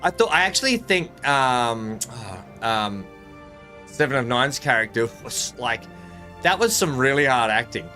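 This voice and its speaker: An excitable male streamer rambles through live gameplay commentary, laughing often. His voice is bright and forceful, with faint game music underneath. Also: medium pitch, measured pace.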